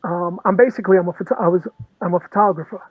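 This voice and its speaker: A man's voice: high-pitched, racing, no room sound. A man from Brooklyn with a New York accent, chatting casually as a guest on a video call. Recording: tinny phone-like call audio, dry.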